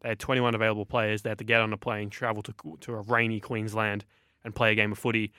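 A man's voice: on the low side, level tone, quick pace, bright, forceful tone, clean tone, dry recording, clean studio sound. A young Australian man hosting a sports podcast, giving eager, opinionated analysis in long runs of speech. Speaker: sports journalist and podcast host.

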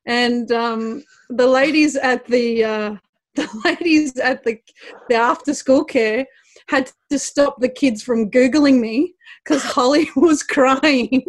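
Woman, high voice, giggly, stumbling casual storyteller. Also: slow. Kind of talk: casual chat.

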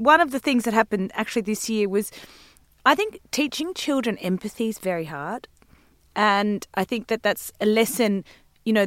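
An Australian woman with a somewhat high voice, telling stories on a podcast. She speaks earnestly and reflectively. The sound is dry and close. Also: no echo. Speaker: guest, reality TV personality. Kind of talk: casual chat.

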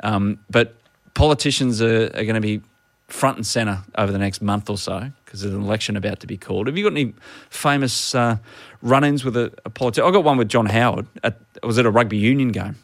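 A man's voice: fairly low pitch, fairly quick, hardly any pauses, no room sound. A middle-aged man who works as a sports commentator, chatting on a podcast and telling anecdotes. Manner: chatty anecdotes with playful impressions. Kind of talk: casual chat.

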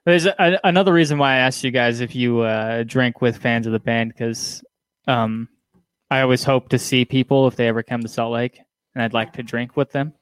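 A man's voice: medium pitch, fairly even intonation, moderate pace, smooth, dry recording. A man hosting a casual podcast chat, laid-back and profane, laughing easily. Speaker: podcast host.

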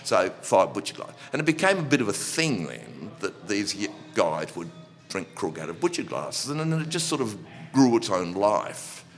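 A middle-aged man, a pub owner, telling stories in a relaxed, rambling way with frequent restarts and laughs. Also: on the low side, moderate pace, faint music behind. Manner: rambling, repeats words and restarts, laughs often. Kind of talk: relaxed storytelling. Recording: long reverb.

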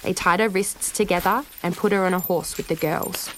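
Lively woman with a low-set voice. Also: moderate pace, a little hiss or hum, poor audio. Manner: lively, expressive. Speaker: storyteller. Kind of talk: scripted narration for children. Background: soft music.

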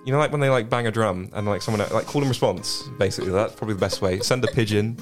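A man's voice: on the low side, fast, music in the background. A young male musician guesting on a radio show, rambling and joking with plenty of fillers. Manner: rambling and jokey, lots of fillers. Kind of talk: casual radio chat. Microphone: studio microphone.

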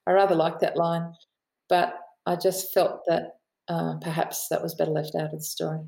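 Chatty Australian woman author, low voice. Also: level tone, moderate pace, vocal fry, warm tone, roomy sound, rough recording. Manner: chatty storyteller, laughs often, mimics the people she quotes. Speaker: author and aviation writer, guest. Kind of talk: podcast interview.

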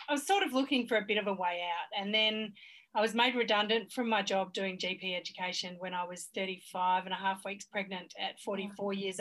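A woman's voice: mid-range voice, fairly bright tone. A woman in her forties with an Australian accent, a guest on a podcast interview, telling stories frankly and with emphasis. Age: 40s. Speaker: fertility coach guest.

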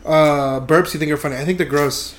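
Guy hosting a podcast, kinda high voice, tells stories big and loud, little hiss behind. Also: a little fast. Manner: animated storyteller, acts out voices. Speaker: podcast host. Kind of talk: casual chat.

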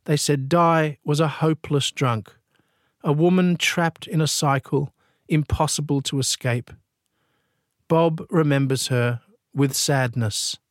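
A man narrates a true-crime story, grave and deliberate. He speaks slowly, with a slightly raised pitch and a dry, close sound. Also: fairly even intonation, no echo.

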